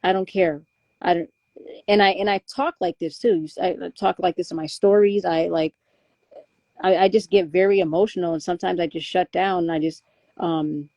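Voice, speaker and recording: Warm, candid young woman rambling. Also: lowish voice, moderate pace, no room sound, muffled recording. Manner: candid, rambling with many restarts and fillers. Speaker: guest. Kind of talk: casual conversation.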